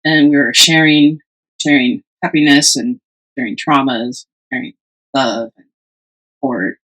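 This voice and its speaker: A woman's voice: very deep voice, a little slow, low-quality recording. A woman co-hosting a podcast, chatting casually and telling a personal story with animation, often laughing and acting out what others said. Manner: animated, acts out quoted voices, laughs often. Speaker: podcast co-host.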